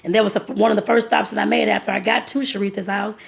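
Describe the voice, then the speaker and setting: A woman's voice: medium pitch, flat delivery, rapid-fire, creaky. A woman telling a rambling travel story to her viewers, full of fillers and restarts. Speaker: vlogger. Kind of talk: casual storytelling vlog.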